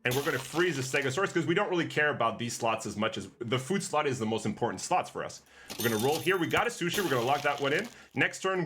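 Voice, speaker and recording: A man commentating his own gameplay live as a streamer, playful and teasing with his chat. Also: medium pitch. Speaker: game streamer.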